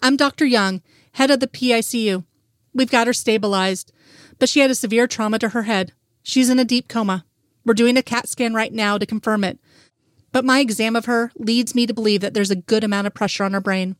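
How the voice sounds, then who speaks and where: A woman voicing a male doctor who delivers grave news in a measured way, raising her pitch slightly. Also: fairly even intonation, dry recording, clean studio sound, close to an everyday voice. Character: male doctor, calm and clinical.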